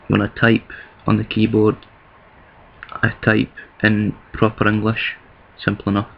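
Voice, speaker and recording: A Scottish man talks in a casual video monologue, rambling and stopping to correct himself. His voice sits low and gravelly, with hardly any rise or fall. The sound is dull and lo-fi, like a cheap home setup. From Scotland. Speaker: vlogger.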